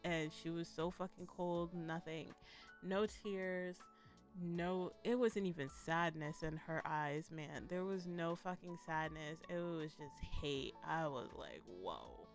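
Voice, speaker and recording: A woman giving a blunt, animated, profane commentary in a casual vlog, laughing often. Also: lowish voice, takes it slowly, faint music behind. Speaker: vlogger reviewing a documentary.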